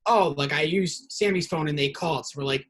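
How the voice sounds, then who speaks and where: A young man hosting a casual interview, who tells animated stories and acts out the quotes in them. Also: fairly high pitch, brisk, slight background noise, low-quality recording. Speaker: podcast host.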